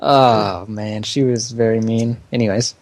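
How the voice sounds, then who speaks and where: A man's voice: on the low side, steady tone, a little slow, darkish tone. A young man co-hosting a casual podcast, laughing often and stumbling through the news he reads. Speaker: podcast co-host.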